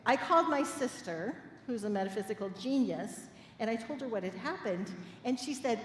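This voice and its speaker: Lively woman minister in an echoey hall. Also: a little high, unhurried, crowd noise. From Midwest United States. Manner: lively, playful storyteller who laughs with the congregation. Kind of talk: sermon with personal storytelling. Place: church sanctuary. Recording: echoey hall with faint room noise.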